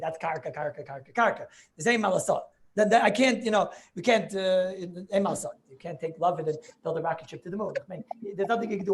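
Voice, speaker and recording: A man works through a legal argument on a video call, eager and questioning, often restarting and asking "right?" to check he has been followed. Faint noise sits under his voice. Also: high voice. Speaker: Torah class participant. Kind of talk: Talmudic reasoning in a video-call class.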